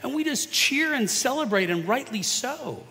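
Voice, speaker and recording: A man preaching a sermon in a conversational way, moving from hushed asides to emphatic points. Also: extremely high pitch, animated, normal speed. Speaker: pastor. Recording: long reverb of a large hall.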